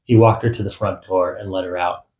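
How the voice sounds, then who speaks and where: A man narrating his own fantasy audiobook in a measured storytelling manner. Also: low voice, steady tone, echoey room, narrow, tinny audio. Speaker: author and narrator.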